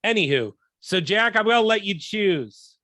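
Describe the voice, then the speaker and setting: Bright, animated young man ranting. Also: high-pitched, moderate pace, dry recording. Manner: profane, animated, acts out quoted lines. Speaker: podcast host. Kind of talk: casual storytelling rant.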